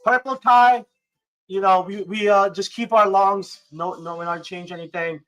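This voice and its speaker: A man hosting a casual livestream, excitable and prone to swearing, swinging between hyped outbursts and low mumbling. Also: normal speed, dull audio. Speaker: livestream host.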